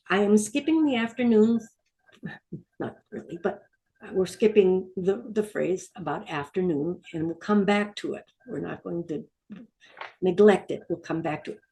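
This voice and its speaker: A woman's voice: on the low side, mellow. A middle-aged woman teaching a Hebrew vocabulary lesson, patiently repeating each word and asking listeners to say it with her.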